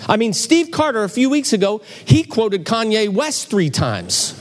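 A man's voice: sits high, sing-song, moderate pace, hardly any pauses, a little hiss or hum. A man preaching a sermon in a church, telling a story and acting out the voices in it. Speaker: pastor. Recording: church hall reverb, faint ambience.

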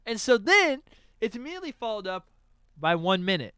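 Animated young man telling a story. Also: very high voice, a little fast, smooth, no echo. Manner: animated storytelling, acting out his own reactions. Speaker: podcast co-host. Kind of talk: casual chat, album reaction.

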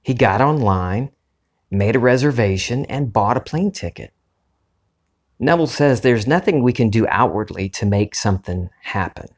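A middle-aged man hosting a podcast, talking in a calm, earnest and unhurried way about spiritual ideas. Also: mid-range voice. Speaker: podcast host. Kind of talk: reflective spiritual talk.

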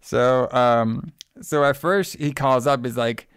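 A man's voice: medium pitch, slow pace, few pauses, clear, resonant tone, no echo, studio quality. A man co-hosting a podcast, recapping a movie in a laid-back, rambling way and laughing often. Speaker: podcast co-host. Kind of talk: casual chat.

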